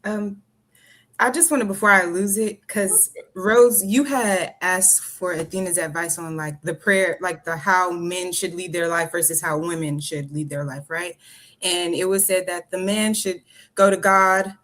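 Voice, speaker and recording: A woman's voice: on the low side, steady tone, unhurried, a bit bright. A woman on a discussion panel, thinking aloud and asking questions. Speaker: panel guest. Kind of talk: casual panel debate.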